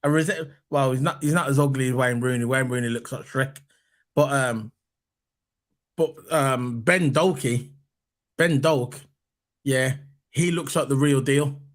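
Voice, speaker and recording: A man hosting a casual football fan chat, animated and repeating his points for emphasis. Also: medium pitch, measured pace, pauses often. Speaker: football podcast host.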